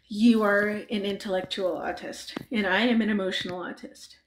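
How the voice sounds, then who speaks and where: A woman's voice: mid-range voice, steady tone, measured pace, echoey room, a little hiss or hum. A woman in a casual discussion, speaking emotionally and wearily, saying she is tired. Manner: emotional, weary, pleading. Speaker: discussion participant.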